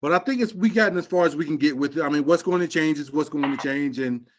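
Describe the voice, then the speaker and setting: A man with a fairly high voice rants about sports in loose, slangy podcast talk. He jokes and teases as he goes, keeping it casual and lively. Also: fast talker, slight background noise. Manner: animated rant, slangy and joking. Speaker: podcast co-host.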